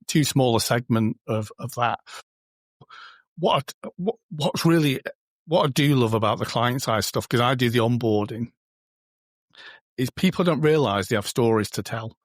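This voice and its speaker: A man chatting informally as a podcast guest, often slipping into little quoted exchanges. His voice sits at an ordinary middle pitch. The sound is dry and close, with no room echo. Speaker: podcast guest, booking company co-founder. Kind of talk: casual conversational interview.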